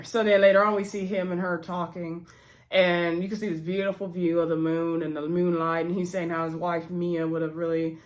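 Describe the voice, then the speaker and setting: In a low-leaning voice with flat delivery, this TV show reviewer talks at normal speed about an episode. Her chatty retelling addresses viewers as y'all and acts out characters' lines, and she has a bit of a runny nose.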